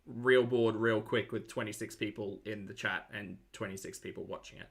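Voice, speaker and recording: A man's voice: fairly low pitch, fairly even intonation, moderate pace, gravelly. A man with an Australian accent hosting a live-stream reaction, chatty and sarcastic as he reads out viewer messages. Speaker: commentary channel host.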